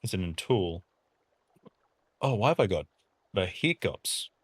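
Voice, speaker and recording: A man's voice: deep voice, sing-song, takes it slowly, breathy edge, no echo. A man streaming a survival game, chatting casually and thinking aloud with a wry humor. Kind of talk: casual gameplay chat.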